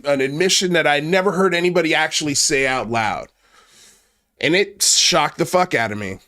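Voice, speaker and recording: A man's voice: on the high side, moderate pace, sharp tone. Angry, cursing man ranting. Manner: repeats himself and restarts when worked up. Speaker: commentary channel host. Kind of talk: heated online commentary rant.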